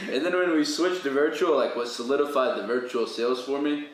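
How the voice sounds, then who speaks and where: A young podcast co-host tells stories in casual chat, full of slang, frequent laughter and lots of "bro." His voice is medium-pitched and fairly quick, captured in a very echoey room with faint ambient noise.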